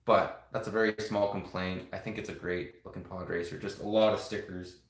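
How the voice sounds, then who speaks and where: A man's voice: sits low, fairly even intonation, brisk, noisy background. Chatty man live-streaming in an echoey room. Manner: rambling, chatty, talks to viewers while building. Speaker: toy building streamer. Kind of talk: casual live stream chat. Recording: roomy home room echo.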